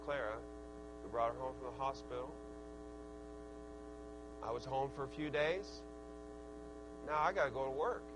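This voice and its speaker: A middle-aged man preaching a sermon in a folksy, earnest way, his loudness rising and falling. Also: medium pitch, steady tone, normal speed, pauses often, noisy background.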